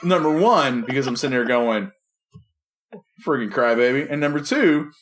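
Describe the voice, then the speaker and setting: A man's voice: a little high, animated, fairly quick, fairly bright tone, a little hiss or hum. A man co-hosting a casual podcast over a call, rambling and joking, often trailing off mid-sentence. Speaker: podcast co-host. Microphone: remote video call.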